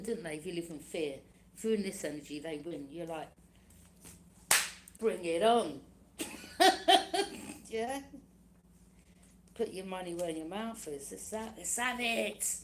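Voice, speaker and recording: A woman's voice: mid-range voice, expressive, normal speed, a little hiss or hum. A woman giving a casual tarot reading, chatty and laughing often, acting out other people's lines. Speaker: tarot reader.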